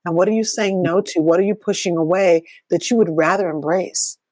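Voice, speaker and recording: A woman's voice: lowish voice, fairly quick, darkish tone, dry recording. A middle-aged woman co-hosting a coaching podcast, asking reflective questions in casual chat and laughing often.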